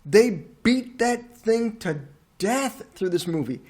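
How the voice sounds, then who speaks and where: A man co-hosting a casual movie review podcast, animated and ranting, swearing freely. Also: high-pitched, slow. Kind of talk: casual chat.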